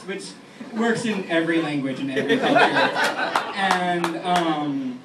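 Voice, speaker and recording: A man's voice: fairly high pitch, animated, slow. A young man in his twenties doing a stand-up comedy set in a small lounge, talking in a rambling, self-deprecating way with lots of fillers and restarts. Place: small lounge venue with a live audience. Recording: echoey room audio from far off with noise. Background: room ambience and audience noise.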